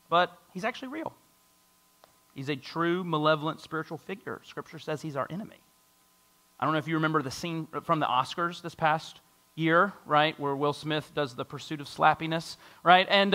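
A man preaching a sermon to a congregation, reading scripture and acting out a doubter's voice. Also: fairly high pitch. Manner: lively preaching with a mocking skeptic voice and scripture reading. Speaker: pastor.

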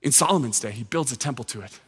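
Emphatic preacher in a reverberant hall. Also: male voice, medium pitch, animated, fast, fairly bright tone, husky. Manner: emphatic preaching, builds with repeated phrases. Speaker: pastor. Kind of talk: sermon.

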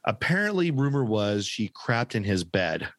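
A man's voice: on the low side, big pitch swings, normal speed, a bit bright, no echo. A man co-hosting a podcast in casual chat, telling stories with laughs and mimicking voices. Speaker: podcast co-host.

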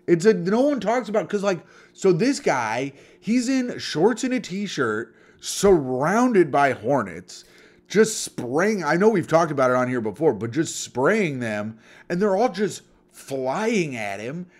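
A man's voice: on the high side, sing-song, slow pace. A man co-hosting a podcast, chatting casually with crude jokes and put-on voices. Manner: crude, joking, puts on silly voices. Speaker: podcast co-host. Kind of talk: casual comedic chat.

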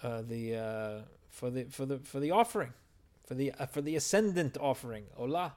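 A man's voice: medium pitch, normal speed, darkish tone. Man teaching a verse-by-verse text study. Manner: explanatory, translating Hebrew phrases as he goes. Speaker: Torah teacher.

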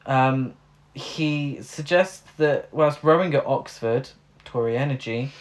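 A man's voice: medium pitch, slow. A man co-hosting a podcast, recapping a film in a wry, joking way with frequent fillers. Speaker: podcast co-host. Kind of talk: casual film recap chat.

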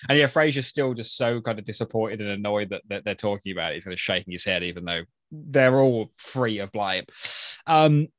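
A man's voice: lowish voice, animated, a bit bright, no room sound, clean studio sound. A man, co-hosting a casual podcast chat in a chatty way with frequent restarts. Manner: chatty, restarts often, quick laughs. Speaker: podcast co-host.

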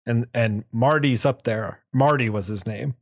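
Man, casual chat, retelling a comic plot, dry close sound, mid pitch. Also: dry recording. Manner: acts out quotes in quick voices. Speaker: comic podcast co-host.

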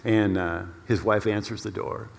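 A male pastor preaching a storytelling sermon in an animated way, repeating words for emphasis. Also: fairly low pitch, a little slow, creaky. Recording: long reverb of a large hall.

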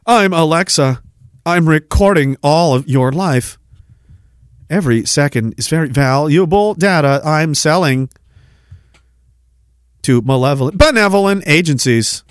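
A cold household machine voice speaks flat, slow and menacing, with a close, dry sound, as a man puts it on. It stays low and unhurried. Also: smooth, no room sound. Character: cold sinister home smart-speaker machine.

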